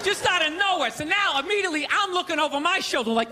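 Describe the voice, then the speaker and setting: A male stand-up comedian performing a sarcastic, ranting set on a theater stage, often breaking into shouts. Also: extremely high pitch, animated, fast, few pauses. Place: theater stage before a live audience. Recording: live theater recording with audience laughter and noise.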